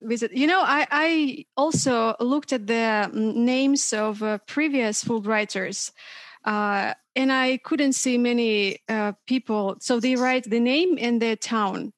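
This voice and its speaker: A woman hesitant guest, high dry voice. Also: no echo. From North Caucasus. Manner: hesitant, many pauses and fillers. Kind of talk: casual interview over video chat. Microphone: video call.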